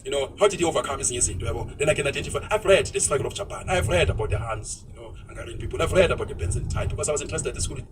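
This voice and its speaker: A South African man speaking fast and outspokenly while driving, dropping Zulu words into a casual opinionated monologue. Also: medium pitch, animated, recorded from a distance, noisy background. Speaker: vlogger. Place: inside a moving car.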